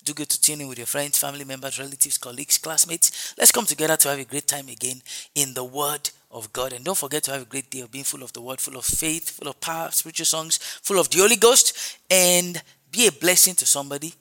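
A man's voice: on the high side, fairly even intonation, fast, sharp tone. A man preaching a sermon as pastor, with an emphatic, repetitive cadence and frequent exclamations.

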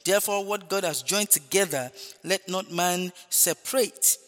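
A man's voice: high voice, measured pace, a bit bright, long reverb tail, faint music behind. A man preaching a sermon, exhorting his hearers with rhetorical questions and frequent interjections of praise. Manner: emphatic, repeating refrains like "Praise God" and "Hallelujah".

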